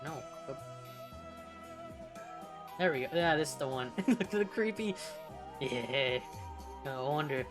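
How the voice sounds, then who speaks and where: A young woman from California, a streamer chatting casually while reading along, blunt and profane and quick to laugh. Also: deep voice, animated, music in the background. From California, United States.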